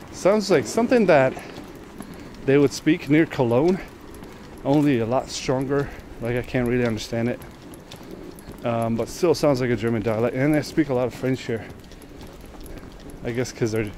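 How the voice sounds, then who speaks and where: A man's voice: medium pitch, a little mellow, a little hiss or hum. A man vlogging outdoors while he walks the streets, rambling casually, thinking aloud and swearing freely. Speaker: vlogger on a long walk. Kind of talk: casual walking vlog monologue.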